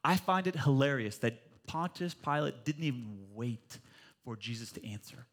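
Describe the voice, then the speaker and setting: A man in his forties preaching a sermon in church, animated and jokey, rising to loud emphatic peaks. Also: mid-range voice, normal speed. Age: 40s. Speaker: pastor.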